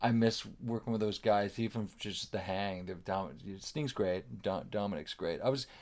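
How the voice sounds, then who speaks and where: A man's voice: on the low side, normal speed, a little mellow. A middle-aged man chatting as a podcast guest, rambling and cursing freely while telling self-deprecating stories. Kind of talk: casual chat.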